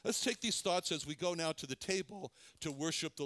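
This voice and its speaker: A man delivers a sermon in a somewhat higher voice. He speaks earnestly but haltingly, restarting phrases and repeating words as he lingers on them. The sound is dry and close, with no room echo. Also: a bit bright. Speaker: preacher.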